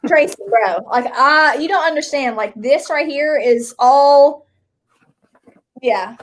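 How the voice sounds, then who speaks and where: A woman's voice: high voice, takes it slowly. A woman from Kentucky co-hosting a live stream, chatting casually in a rambling way with lots of filler words.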